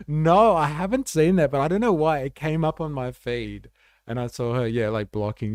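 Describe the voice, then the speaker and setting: A man's voice: on the high side, moderate pace, no room sound, studio quality. A man, hosting a casual livestream and chatting bluntly with viewers, swearing freely and peppering his talk with fillers. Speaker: livestream host. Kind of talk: casual livestream chat, reading viewer comments.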